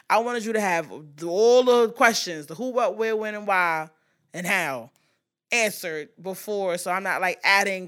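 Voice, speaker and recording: A woman hosting a podcast in casual pop-culture chat, blunt and profane, acting out quotes with animated asides. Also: medium pitch. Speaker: podcast host.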